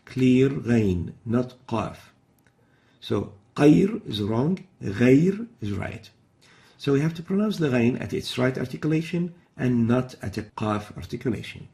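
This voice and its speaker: A man gives a recorded recitation lesson, breaking down every pronunciation error in turn before voicing the Arabic letters on his own. His voice sits at a medium pitch, gravelly and warm, and he speaks expressively at a measured pace.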